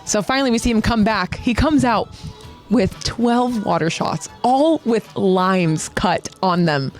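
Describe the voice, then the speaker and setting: Woman, podcast co-host, casual storytelling, animated, swears, acts out quotes, faint music behind. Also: mid-range voice, measured pace.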